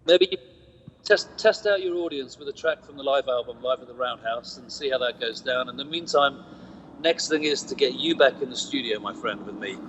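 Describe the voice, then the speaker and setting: A man's voice: medium pitch, animated, brisk, fairly bright tone, in a large hall, dull audio, slight background noise. A man, a guest musician, chatting casually and dryly about touring, heard over a remote line. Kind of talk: casual interview chat.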